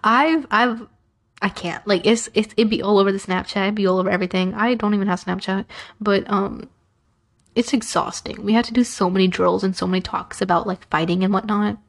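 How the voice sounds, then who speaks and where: A woman's voice: mid-range voice, fast, creaky. A young woman hosting a podcast, chatting casually and acting out the people in her stories. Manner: chatty, animated retelling with acted-out quotes. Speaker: podcast host. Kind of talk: casual storytelling.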